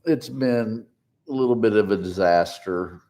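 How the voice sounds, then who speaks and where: Brief: low-voiced man, relaxed co-host, short dry replies. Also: a little slow. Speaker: co-host of a live chat stream. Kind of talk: casual live-stream chat.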